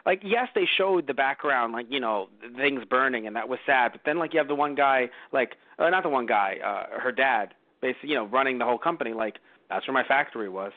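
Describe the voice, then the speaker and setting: A man's voice: medium pitch, expressive, brisk, hardly any pauses, dry recording. A man hosting a casual movie review podcast, rambling with many fillers and restarts. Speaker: podcast host. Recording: dry, phone-like lo-fi audio.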